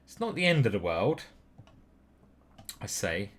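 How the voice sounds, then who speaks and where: A young British man commentating on his own online chess games, playful and profane, switching between loud whoops and muttered asides. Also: lowish voice, big pitch swings, measured pace, pauses often, slightly rough. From Britain. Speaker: chess grandmaster streamer.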